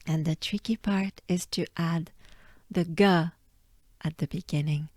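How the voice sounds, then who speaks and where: A woman's voice: lowish voice, steady tone, takes it slowly, mellow, dry recording, clean studio sound. A woman with a French accent coaching pronunciation, breaking names into syllables and repeating each one several times. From France. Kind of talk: slow pronunciation lesson.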